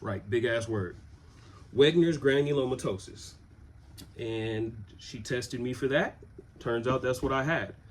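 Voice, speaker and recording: A man in his twenties from Southern California, telling a personal story in a relaxed, rambling way with many fillers. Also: medium pitch, measured pace. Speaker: vlogger. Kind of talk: casual storytelling.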